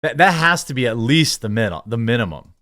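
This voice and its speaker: A man's voice: medium pitch, sing-song, fairly quick, a bit bright. A man hosting an online commentary video, reading article excerpts aloud and answering them with mocking, indignant remarks. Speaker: commentary channel host.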